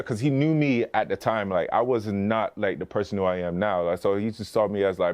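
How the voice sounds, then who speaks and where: A man's voice: on the low side, brisk, few pauses, a little mellow. A man who is a podcast guest, talking casually and rambling through stories, full of fillers and restarts and acting out quoted dialogue. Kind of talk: conversational interview storytelling.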